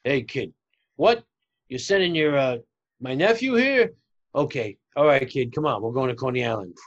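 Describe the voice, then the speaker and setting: A man voicing a gruff, brusque middle-aged uncle in an old-time audio tour. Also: medium pitch, lively intonation, natural voice. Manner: brusque, hurried. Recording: dull lo-fi recording.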